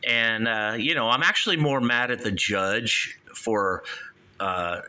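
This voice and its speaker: Heated, profane call-in show host. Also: male voice, medium pitch, slow, pushed and bright.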